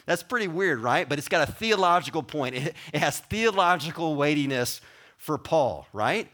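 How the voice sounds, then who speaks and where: With a voice a little on the high side and a normal speaking speed, a man delivers his sermon as pastor in a lively, conversational style, turning now and then to address the congregation directly.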